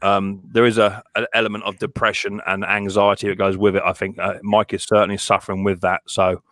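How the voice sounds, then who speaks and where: A man hosting a casual live stream chat, rambling and halting, with many restarts and fillers. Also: fairly low pitch, flat delivery, fairly bright tone, no echo, studio quality.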